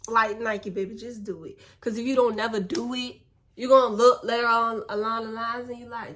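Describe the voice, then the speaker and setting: Young woman, slightly high voice, relaxed, slangy, spiritual encouragement. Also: brisk. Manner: laid-back, slangy, spiritual encouragement, calls viewers "baby". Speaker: vlogger. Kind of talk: casual motivational chat.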